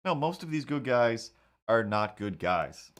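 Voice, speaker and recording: A man's voice: mid-range voice, big pitch swings, measured pace, a bit bright. A man in casual talk, drawing on a live stream and telling a long personal story with many fillers and restarts. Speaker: webcomic artist streaming.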